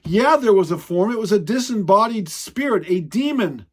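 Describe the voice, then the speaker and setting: Male preacher, high-pitched, conversational teaching style, emphatic delivery. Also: animated. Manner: emphatic, conversational, quotes scripture with dramatic slowdowns. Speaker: Bible teacher. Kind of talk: sermon teaching.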